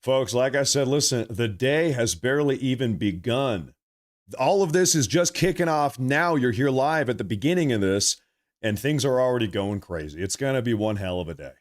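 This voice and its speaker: A man's voice: medium pitch, animated, normal speed. A man hosting a live stream, giving blunt, opinionated commentary in a conversational way.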